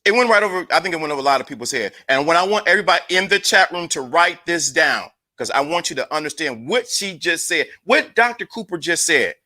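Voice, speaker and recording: A man's voice: fairly high pitch, animated, quick pace, hardly any pauses, sharp tone. A man hosting a livestream chat, hyped and emphatic, often repeating himself. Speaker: livestream host.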